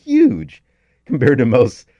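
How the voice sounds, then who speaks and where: A man's voice: a little high, huge pitch swings, slow, vocal fry, dry recording, dull audio. A man from Texas, co-hosting a radio talk show, tells rambling stories full of fillers in a casual chat. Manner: rambling storyteller with many fillers.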